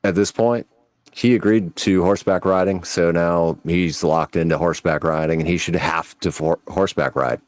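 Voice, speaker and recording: Deep, blunt man, dry sound. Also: fairly even intonation, dry recording. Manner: blunt, profane, slow. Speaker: podcast co-host. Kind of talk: casual chat.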